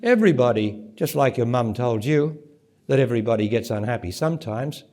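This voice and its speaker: A man giving a spiritual talk to a live audience at a conference centre, speaking emphatically, asking rhetorical questions and building to forceful peaks. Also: mid-range voice, fairly quick. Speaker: spiritual teacher.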